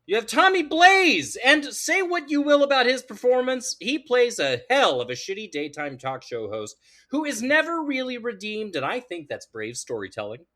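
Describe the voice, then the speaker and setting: A man's voice: very high voice, big pitch swings, normal speed, bright, forceful tone. A man arguing the defense on a podcast in a playful, mock-lawyerly, grandiose way. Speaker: defense in a mock movie trial. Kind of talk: casual podcast debate.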